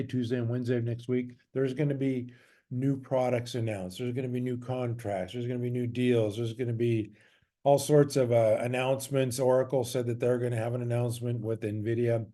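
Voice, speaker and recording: A man's voice: medium pitch, dark tone. A man who trades stocks, casually walking through his trades and charts in a loose, chatty way with frequent fillers and self-corrections.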